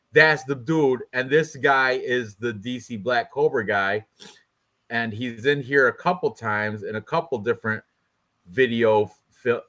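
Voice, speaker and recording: A man's voice: mid-range voice, a bit bright. A man hosting a casual fight prediction show, rambling and joking with his co-hosts. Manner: joking, rambling, trash-talking with laughs. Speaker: podcast host.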